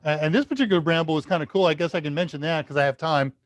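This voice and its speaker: A man's voice: a little high, very fast, no room sound. A man hosting a live tech Q&A stream, chatting casually and rambling while he works at his computer, his level jumping as he leans toward and away from the mic. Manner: rambling, chatty, talks to chat while working. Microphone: desk mic at a computer, level jumps as he leans away.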